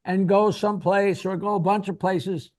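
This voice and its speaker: A man's voice: sits high, fairly even intonation, normal speed, a little mellow. A man co-hosting a podcast, giving rambling advice with many "you know"s and restarts. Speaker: podcast co-host. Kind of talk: podcast interview.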